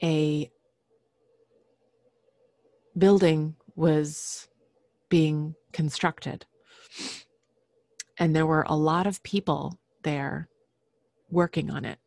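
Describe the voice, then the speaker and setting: A woman telling a personal story casually, halting often with fillers and restarts and clearing her throat now and then. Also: deep voice, fairly even intonation, a little mellow, no room sound.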